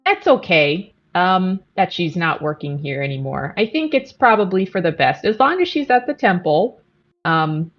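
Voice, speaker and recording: A woman playing a tired, wry mother adventurer who talks in an apologetic, unhurried way. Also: lowish voice, very animated, muffled recording, soft background music. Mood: weary. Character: weary mother adventurer, Mara.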